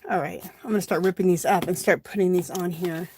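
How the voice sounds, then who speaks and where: A woman's voice: lowish voice, steady tone, quick pace, darkish tone, slightly rough, dry recording. A middle-aged woman chatting casually on a home craft livestream, greeting viewers by name and a bit out of breath. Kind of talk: casual live-stream chat while crafting.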